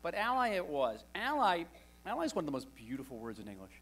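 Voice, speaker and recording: Soft background music accompanies a guest author giving a very fast public talk in a lecture hall before a live audience. His medium-pitched, slightly bright voice swings hugely in pitch as he tells animated, wry, conversational stories.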